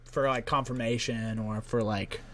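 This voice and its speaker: A man runs a tabletop game as game master. He narrates loosely, full of ums and likes. His voice sits at an ordinary middle pitch. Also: steady tone, normal speed, a bit bright. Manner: casual, many fillers and likes.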